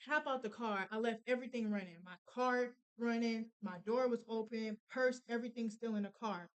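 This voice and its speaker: A young woman telling a painful personal story, halting with many fillers and restarts. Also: on the high side, smooth, rough recording. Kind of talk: casual storytelling.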